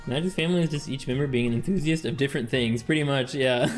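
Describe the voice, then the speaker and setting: A man streaming a strategy game, excitable and laughing as he reads the game text aloud and reacts. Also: medium pitch, fast, few pauses, faint music behind. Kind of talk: game-playing commentary.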